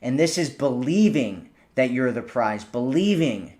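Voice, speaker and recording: A man with a voice of ordinary pitch talks through dating advice like he's coaching a friend. His delivery is casual and conversational, and he keeps checking in with a quick "right?" as he goes. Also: lively intonation, darkish tone. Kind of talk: instructional talk to camera.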